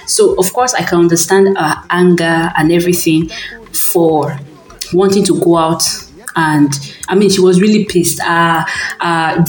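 A young Nigerian woman with a lowish voice and a Nigerian accent talks casually into her voice diary, rambling through stories with frequent ums and asides. Her voice sits a little low for a woman. The room around her adds a noticeable echo. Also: a little mellow. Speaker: audio diary host.

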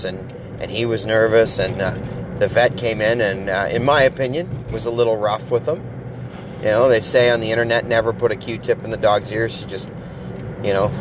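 Man, podcast host, rambling jokey storyteller, lowish voice, noisy background. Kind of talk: casual rambling monologue.

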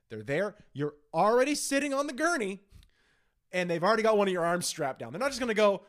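A young man tells a long story on a podcast, his voice swinging widely up and down. His pitch sits a little high for a man. He jumps into quoted voices as he goes. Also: quick pace. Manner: animated, acts out quotes in changing voices. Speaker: podcast host. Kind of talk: casual storytelling chat.

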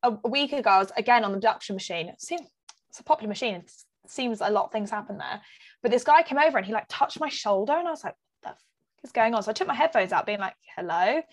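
A woman's voice: a little high, fast. Young woman telling a story. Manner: lively anecdotes, acts out quotes, many "like" fillers. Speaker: podcast co-host. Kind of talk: casual chat, storytelling.

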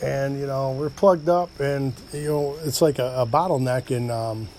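Speaking at a moderate pace in a steady, slightly mellow mid-range voice, this podcast host is a middle-aged man from upstate New York. A few drinks in and a bit tipsy, he rambles loosely through his solo show, cursing and cracking jokes at his own expense. There's slight background noise.

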